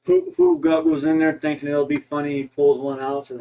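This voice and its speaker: A man from Ohio co-hosting a casual livestream chat, rambling and halting with many restarts. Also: fairly high pitch, wildly swooping pitch, dark tone, slight background noise, rough recording. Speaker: co-host.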